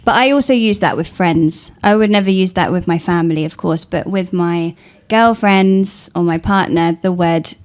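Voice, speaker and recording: A woman in her thirties with a southern English accent, an English coach chatting lively on a podcast and laughing easily. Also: lowish voice, moderate pace, hardly any pauses. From England. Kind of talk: casual podcast chat.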